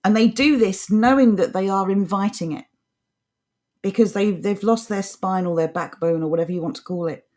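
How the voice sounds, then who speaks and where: A woman's voice: medium pitch, moderate pace, darkish tone. A woman co-hosting a live political talk show, speaking with an impassioned, ranting delivery. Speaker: co-host.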